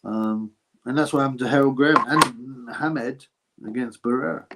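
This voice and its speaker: A man's voice: medium pitch, normal speed, a bit bright, a little hiss or hum. A British man with an ordinary mid-range voice hosts a casual live chat. He reads each viewer question aloud, then fires back a blunt, crude answer. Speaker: livestream host answering chat.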